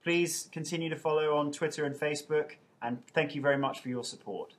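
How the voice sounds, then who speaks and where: A man's voice: a little high, fairly quick. A young man hosting a live webcam Q&A, chatting loosely as he reads out viewers' names and answers their questions. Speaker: TV host answering fan questions.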